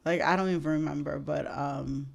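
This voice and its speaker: A woman's voice: sits low, steady tone, normal speed, gravelly. A woman in casual podcast chat, candid and swearing freely, with lots of "like" fillers.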